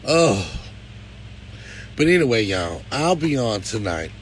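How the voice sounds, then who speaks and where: A man's voice: mid-range voice, very animated, takes it slowly, slight background noise, rough recording. A man talking to his viewers on a livestream, emotional and close to tears, with a preacherly lift. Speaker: live-stream host.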